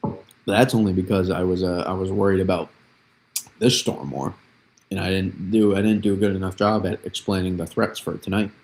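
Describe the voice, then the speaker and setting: A young man from New England talks through a storm forecast on a livestream in a low, gravelly voice. He rambles, doubles back on his words and reads viewers' questions aloud before he answers them. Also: fairly even intonation, fairly quick, darkish tone. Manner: rambling, reads chat aloud, repeats himself. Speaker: weather livestream host. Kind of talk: casual livestream weather analysis.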